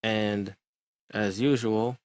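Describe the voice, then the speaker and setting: A man explaining music production in a relaxed, conversational way, thinking aloud as he goes. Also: lowish voice, very slow, smooth, no echo. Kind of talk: tutorial explanation.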